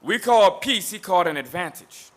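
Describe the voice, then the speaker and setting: A man's voice: high voice, expressive, normal speed, fairly bright tone. A man preaching a sermon that mixes scripture with street talk, emphatic and repetitive, with mocking asides.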